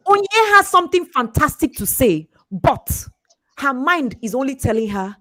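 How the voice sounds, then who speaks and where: A woman coach talks fast and emphatically, her voice rising and falling with lively swings in pitch. She sits a touch above the usual register for a woman and laughs often as she presses her points. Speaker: speaker and coach. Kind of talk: motivational talk.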